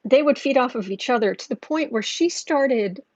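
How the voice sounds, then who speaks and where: Animated and sitting high, this tarot reader's voice has a breathy edge and a moderate pace as she rambles chattily with many restarts. There's no echo, and the audio sounds dull.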